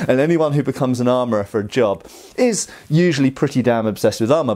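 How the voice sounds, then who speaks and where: A middle-aged man with an English accent talks the listener through his subject in a relaxed, conversational way. He wanders off on asides and fills the gaps with ums and uhs. His voice sits at an ordinary, middling pitch. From England. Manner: chatty and digressive, with lots of ums and uhs. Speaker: host. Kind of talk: casual educational talk.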